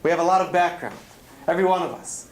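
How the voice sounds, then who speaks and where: Earnest man, fairly high voice, storytelling Torah talk, roomy hall echo. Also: fairly even intonation, fast. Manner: earnest storytelling, weaving in Hebrew terms. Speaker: speaker at a student event. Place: event hall.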